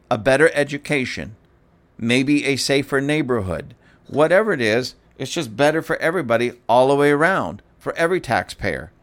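Guy ranting about politics, keeps cracking up laughing, mid-pitched voice. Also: a bit bright. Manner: keeps breaking into laughter, mocking asides. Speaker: political commentary host. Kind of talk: casual political commentary.

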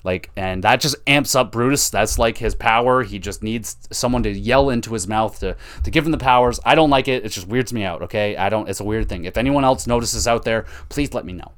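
A young man hosting a podcast, casually recapping a wrestling show with profane, rambling, self-mocking asides and sudden bursts of excitement. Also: lowish voice, a little fast, few pauses, clear, resonant tone. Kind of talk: casual solo recap commentary.

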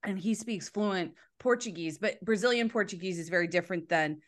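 A woman's voice: lowish voice, a little fast. A woman hosting a casual interview, chatty and enthusiastic, often saying "like". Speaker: interview host.

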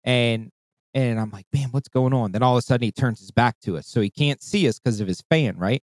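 A fairly quick man of medium pitch, captured in a dry recording, rambles casually through a lengthy hunting story. He's foul-mouthed and animated, playing out the voices and calls himself.

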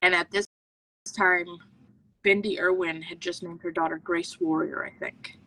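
A woman's voice: on the low side, steady tone, a little slow, bright, forceful tone. A woman guest telling her personal story in an earnest, intense way, often voicing her own thoughts. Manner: earnest, intense, full of self-talk. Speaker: podcast guest, medical intuitive. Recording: voice from a distance to the mic.

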